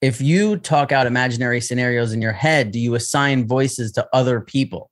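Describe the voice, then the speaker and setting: A man's voice: medium pitch, brisk. A man co-hosting a podcast, chatty, reading out listener questions in casual talk. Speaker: podcast co-host. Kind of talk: casual chat.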